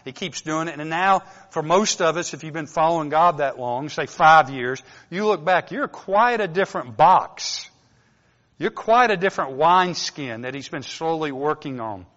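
A man with a North Georgia accent preaching a relaxed, conversational sermon with folksy asides. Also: fairly high pitch, normal speed. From Southern US. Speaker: pastor. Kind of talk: informal sermon. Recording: dull lo-fi sound with long hall reverb.

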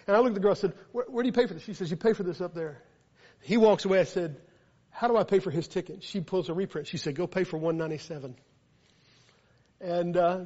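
Southern man preaching, storytelling sermon, high voice, dull lo-fi sound. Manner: animated, builds from quiet to loud when telling a story. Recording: dull lo-fi recording.

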